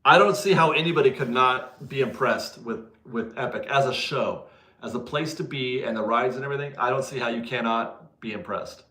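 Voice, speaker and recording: A man's voice: medium pitch, fairly quick, sharp tone, echoey room. A man hosting a casual livestream, chatting, laughing often and correcting himself as he answers viewers. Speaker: livestream host reading viewer donations.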